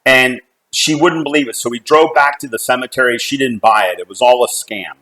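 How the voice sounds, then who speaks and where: A middle-aged man from the United States, a company CEO, telling a personal family story in an earnest, halting way, often restarting his sentences. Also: medium pitch, sharp tone, low-quality recording.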